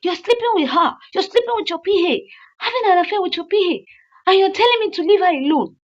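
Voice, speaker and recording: Furious betrayed wife, shrill and scolding, put on by a woman; dull lo-fi recording. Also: very animated, a little slow. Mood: outraged. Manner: shrill scolding, high and loud. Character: furious betrayed wife confronting her cheating husband.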